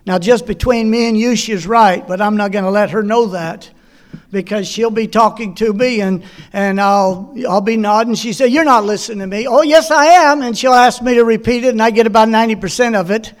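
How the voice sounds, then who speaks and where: A middle-aged man delivers a sermon in a strikingly high voice. He leans on homely personal stories and keeps asking the congregation questions to draw them in. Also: steady tone, normal speed. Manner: folksy storytelling with personal anecdotes. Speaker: pastor.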